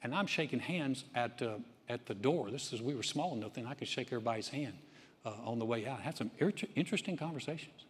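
Pastor preaching in a reverberant hall. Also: male voice, medium pitch, lively intonation, fast. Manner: conversational, builds to loud emphatic preaching. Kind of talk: sermon. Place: church sanctuary.

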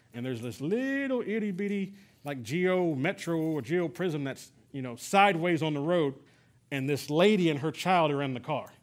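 A middle-aged man from Texas preaching a sermon, telling a personal story in a conversational way with many fillers and restarts. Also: fairly high pitch. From San Antonio, Texas. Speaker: pastor.

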